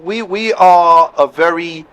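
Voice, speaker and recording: A man's voice: fairly high pitch, slow pace, fairly bright tone, clean tone, rough recording. A man from Brooklyn with a New York accent, hosting a casual podcast chat in a laid-back way. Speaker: podcast host.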